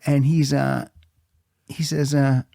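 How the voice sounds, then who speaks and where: A man hosting a podcast, telling a rambling, animated story and swearing freely. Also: mid-range voice, slow pace, vocal fry, no echo, studio quality. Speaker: podcast host.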